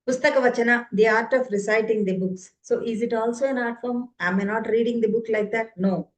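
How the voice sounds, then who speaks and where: This is a woman speaking in a fairly high voice. She explains her subject earnestly and step by step. She leans on fillers and asks the listener rhetorical questions along the way. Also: fairly even intonation, fairly quick, low-quality recording. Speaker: speaker on ancient Indian arts. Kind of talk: explanatory talk.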